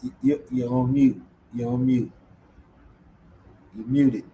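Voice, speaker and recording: A man's voice: mid-range voice, fairly even intonation, slow pace, warm tone, highs cut off, a little hiss or hum. A man hosting a casual live-stream podcast in a laid-back way, often repeating his words. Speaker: podcast host.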